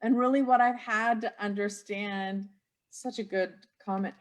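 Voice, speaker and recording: A woman's voice: medium pitch, fairly even intonation, a little slow. A middle-aged woman speaking reflectively on a live stream, often restarting her sentences. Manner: reflective, searching for words with restarts. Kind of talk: casual conversation on a live stream.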